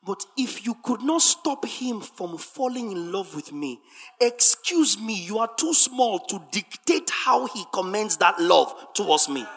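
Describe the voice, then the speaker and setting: Forceful, husky preacher in a reverberant hall. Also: mid-range voice. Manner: emphatic, repetitive, swings from soft asides to shouted sing-song refrains. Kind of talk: sermon.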